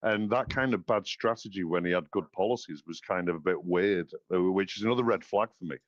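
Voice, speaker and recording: A man's voice: sits low, a little fast, dry recording, dull audio. A man hosting a casual political podcast chat, blunt and heated, swearing often. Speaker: podcast host.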